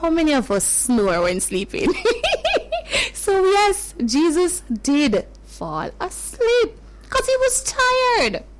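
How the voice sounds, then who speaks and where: A woman's voice: extremely high pitch, very animated, rough recording. A woman telling a Bible story to children in a dramatic way, gasping and exclaiming as she goes. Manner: slow and drawn out.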